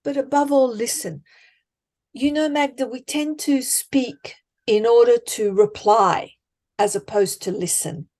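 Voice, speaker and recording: A woman explains her ideas in an unhurried, deliberate way. Her voice sits a little high, and she leans hard on key words. She is a life coach guest in a podcast conversation. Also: darkish tone. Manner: emphatic, deliberate, acts out example thoughts.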